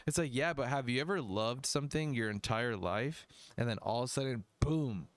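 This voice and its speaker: A man's voice: medium pitch, brisk, few pauses, no room sound. A man hosting a music review livestream, rambling casually between songs, swearing freely and laughing often.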